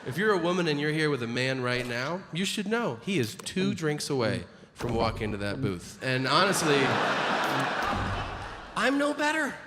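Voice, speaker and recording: A man's voice: on the high side, very animated, moderate pace, long reverb tail, background noise. A man performing a stand-up comedy set, telling a story with profane, incredulous asides and acted-out quotes.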